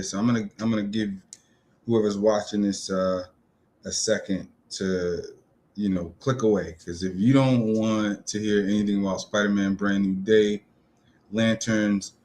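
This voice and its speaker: A man talks through his thoughts in a relaxed, rambling way, leaning on plenty of ums and uhs. His voice sits on the low side. It sounds like an unscripted solo video chat. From New York City. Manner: loose and rambling, many fillers. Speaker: pop-culture vlogger. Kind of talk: casual solo video talk.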